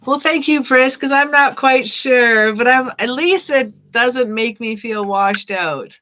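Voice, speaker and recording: A woman's voice: on the high side, slow, bright, forceful tone. A woman giving live-stream tarot readings, chatting casually with viewers, thanking them by name and laughing often. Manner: chatty, reads chat names aloud, laughs often. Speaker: tarot reader.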